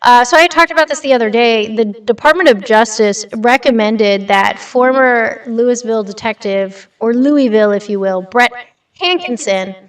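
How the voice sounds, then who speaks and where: A woman's voice: on the high side, moderate pace. A blunt, chatty woman hosting a casual livestream, reading news aloud and replying to her chat. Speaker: livestream host. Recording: slightly distant with light reverb.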